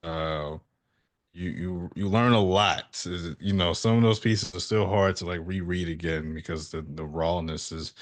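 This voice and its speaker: A man in his thirties with a very deep voice, hosting a casual podcast conversation. He speaks reflectively and works his thoughts out slowly as he talks. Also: fairly even intonation. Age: 30s. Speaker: podcast host.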